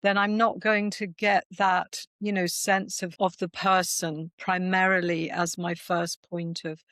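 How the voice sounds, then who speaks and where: A woman's voice: lowish voice, flat delivery, a little slow, fairly bright tone, dry recording, clean studio sound. A woman, an integrative clinician hosting the interview, musing reflectively on her approach to patients.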